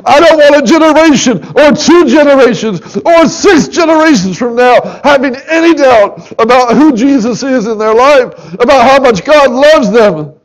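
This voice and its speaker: High-voiced, emotional man preaching. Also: animated, normal speed, few pauses, low-quality recording. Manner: impassioned, swinging from soft and low to loud and urgent. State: emotional, near tears. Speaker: pastor. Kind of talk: sermon. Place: church sanctuary.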